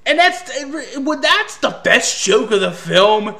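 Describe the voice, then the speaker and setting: A man with a high, bright voice delivers a ranting film review. He sounds exasperated and sarcastic, and he swears freely as he picks the movie apart. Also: very animated, slow, creaky.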